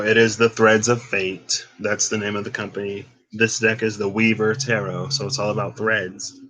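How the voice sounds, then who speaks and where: A man's voice: fairly low pitch, bright, forceful tone. A man giving a casual, rambling tarot card reading, curious and chatty, wandering off on tangents. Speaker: tarot reader.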